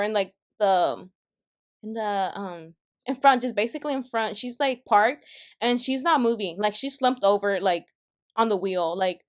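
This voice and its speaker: A young woman co-hosting a podcast, telling a story in casual chat, animated and laughing often. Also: on the high side, moderate pace. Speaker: podcast co-host.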